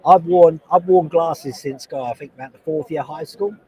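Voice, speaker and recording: A man in his forties hosts a livestream from a convention hall. He rambles through a friendly, casual chat and reads out viewers' comments. His voice sits a little high with a soft, mellow tone, heard through a headset mic. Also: normal speed. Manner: rambling and chatty, reading chat comments aloud. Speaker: host. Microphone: noise-cancelling headset.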